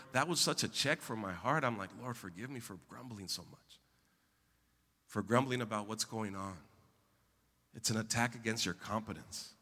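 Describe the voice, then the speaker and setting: Bright-voiced preacher in a reverberant church. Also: male voice, mid-range voice. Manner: builds to loud exclamations, call-and-response with the congregation. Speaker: pastor. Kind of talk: sermon. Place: church sanctuary.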